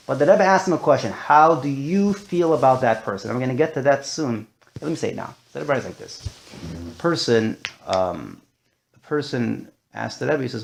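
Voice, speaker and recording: A man leads a lively class, with speech that rushes along and a slightly gravelly edge. His pitch sits a bit high and swings widely as he works through his points, and he drops Yiddish and Hebrew words in as he goes. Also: slight background noise. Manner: animated, quick talker with Yiddish and Hebrew terms. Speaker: Torah teacher. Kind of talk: discussion-style class.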